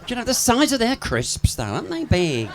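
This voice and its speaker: A man's voice: very high-pitched, huge pitch swings, brisk, a crowd in the background. A man doing live stand-up patter on a pub stage, chatty and bawdy, swearing freely and laughing at his own jokes. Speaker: pub comedian and singer.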